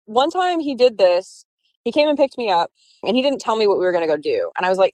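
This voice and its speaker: A woman's voice: on the high side, big pitch swings, quick pace, a little mellow, no echo, poor audio. A young woman in her twenties telling her story casually, chatty, laughing often and acting out quotes. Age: 20s.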